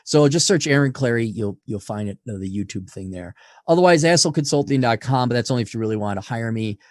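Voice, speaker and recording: A man's voice: animated, fast talker, no room sound. Brash, profane man, dry sound. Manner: brash and profane, swings loud then low. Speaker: podcast guest. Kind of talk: blunt conversational interview.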